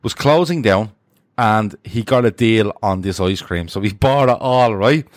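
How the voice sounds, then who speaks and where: A man's voice: lowish voice, measured pace, no room sound, studio quality. A man hosting a podcast, telling rambling stories between laughs, swearing freely and reading out listener comments. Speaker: podcast host.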